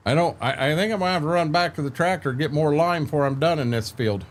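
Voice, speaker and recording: A man's voice: a little high, quick pace. An older man chatting casually with viewers while streaming a farming game, laid-back and rambling, repeating words and filling gaps with "uh".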